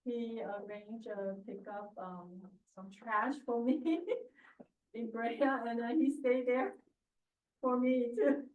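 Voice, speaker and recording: A woman's voice: fairly high pitch, steady tone, takes it slowly, recorded from a distance, phone-quality sound. Chatty woman realtor in an echoey room. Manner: chatty, laughs between phrases. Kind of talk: casual meeting remarks. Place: large meeting room. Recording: echoey room, heard from afar.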